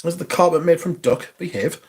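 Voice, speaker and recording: A man's voice: mid-range voice, a little slow. Sweary theatrical man streaming. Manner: sweary, theatrical, grumbling to himself. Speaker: livestream host. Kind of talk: casual livestream chat. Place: room at home, moving about while tidying.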